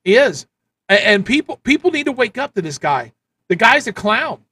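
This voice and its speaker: A man running a live stream with a high, bright voice. He rants blunt political commentary, repeating his points. The delivery is casual and hard-hitting. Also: big pitch swings, moderate pace. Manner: ranting, repetitive, blunt. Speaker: livestream host.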